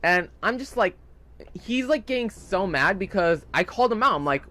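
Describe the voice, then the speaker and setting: A man's voice: high-pitched, lively intonation, normal speed, pushed and bright. A young man rambling casually in gameplay commentary, chatty and full of fillers. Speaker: gaming channel host.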